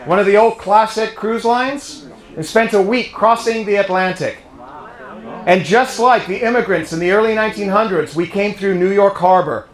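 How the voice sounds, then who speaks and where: A man from England, speaking with a British accent in a high voice at normal speed, gives a political speech as a guest to a club audience. Storytelling, rallying and quizzing the crowd fill his talk, recorded live in an echoey room at a private home.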